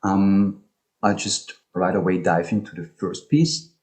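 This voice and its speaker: A man with a very low voice presents an academic talk over a video call. He speaks hesitantly, pausing on ums and restarting phrases as he explains. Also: fairly even intonation, a little mellow. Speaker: speaker presenting on music and poetry.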